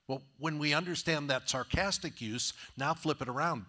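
A man's voice: medium pitch, normal speed, few pauses, bright, forceful tone. A man preaching a conversational sermon as a pastor, often asking his listeners rhetorical questions.

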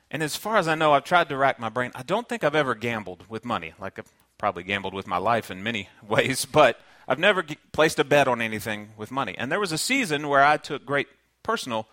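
Bright-voiced Southern man preaching. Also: mid-range voice, no echo. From Kentucky, United States. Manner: earnest, conversational preaching with personal stories. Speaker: pastor. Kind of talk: sermon.

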